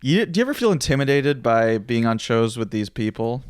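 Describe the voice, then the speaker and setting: A young adult man from Philadelphia hosting a relaxed conversation. His voice is clean and even and sounds close and dry. He thinks out loud and pokes a little fun at himself. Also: mid-range voice, fairly quick, smooth, no room sound. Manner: reflective, self-deprecating, asks the guest questions. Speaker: podcast host, comedian. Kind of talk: casual chat.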